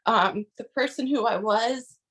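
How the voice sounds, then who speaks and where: A woman's voice: a little high, measured pace, a bit bright. A woman on a video call sharing a personal testimony, earnest and emotional, with many "um"s and "like"s. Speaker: team member sharing a testimony.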